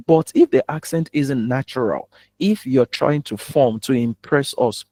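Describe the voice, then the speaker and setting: A man's voice: mid-range voice, darkish tone, no echo. A man with a Nigerian accent coaching on public speaking, in a teasing, humorous and direct way. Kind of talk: spoken teaching talk.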